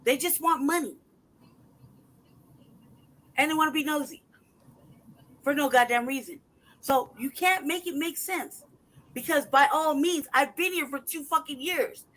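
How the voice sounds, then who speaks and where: A man's voice: very high voice, measured pace, long pauses, rough recording. A man venting in an angry, profanity-heavy rant as a podcast host. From United States. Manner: angry, profane, loud outbursts. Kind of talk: heated casual rant.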